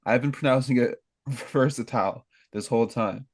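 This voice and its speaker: A man's voice: medium pitch, fairly even intonation, a little fast, dry recording. A young American man co-hosting a casual podcast, rambling and correcting his own slips with a laugh. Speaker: podcast co-host.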